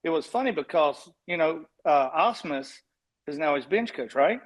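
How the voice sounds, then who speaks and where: A man in his fifties, a guest on a podcast, telling relaxed anecdotes in casual chat. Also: fairly high pitch, normal speed, poor audio. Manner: relaxed anecdotal storytelling with laughs. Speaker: guest, retired baseball pitcher.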